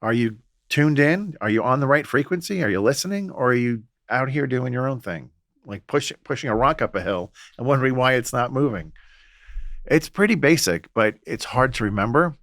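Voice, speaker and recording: A man, a Catholic priest, telling stories in a relaxed podcast conversation and acting out the voices he quotes. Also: medium pitch, normal speed, dry recording, clean studio sound. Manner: storytelling, acts out quoted voices. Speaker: Catholic priest and exorcist guest.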